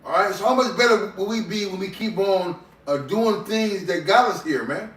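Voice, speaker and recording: Man, preachy group leader, high-pitched, distant from the mic. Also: fairly bright tone. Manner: preachy, exhorting, fills pauses with long strings of "um". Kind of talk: casual faith group discussion. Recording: echoey room, mic far off.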